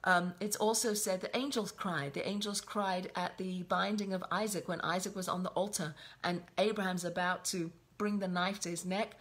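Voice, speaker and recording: A woman's voice: lowish voice, steady tone, normal speed, few pauses, fairly bright tone. A woman giving a reflective spoken Torah lesson on a weekly portion, often repeating and restarting her phrases. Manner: reflective, with frequent restarts and repetition. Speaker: Torah teacher.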